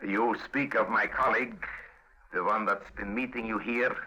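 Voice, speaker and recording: An actor playing a crook who puts on a fake Russian accent to pose as a stern communist agent, giving curt orders. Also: male voice, lowish voice, steady tone, normal speed, sharp tone, breathy edge, dull audio, voice pushed up, heavily acted.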